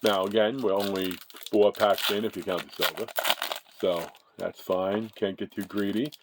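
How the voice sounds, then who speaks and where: A man's voice: lowish voice, fairly even intonation, normal speed, background noise. A man casually chatting as he opens trading card packs, rambling and often correcting himself. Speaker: card-breaking channel host. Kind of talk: casual chat while opening card packs.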